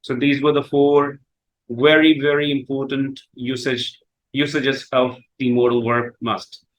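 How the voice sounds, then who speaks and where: Male teacher, Urdu first language, mid-pitched, patient explainer who repeats and rephrases. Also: level tone, poor audio. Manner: repeats and rephrases himself, slow deliberate examples. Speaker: English teacher. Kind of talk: grammar lesson explanation.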